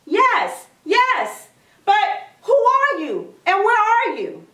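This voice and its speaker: A woman puts on a desperate man clinging to a cliff branch, pleading and yelling up into the fog in a raised, high voice. The sound is roomy and heard from some distance away. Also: wildly swooping pitch, slow pace, full character voice. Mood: frantic pleading. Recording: echoey room from a distance.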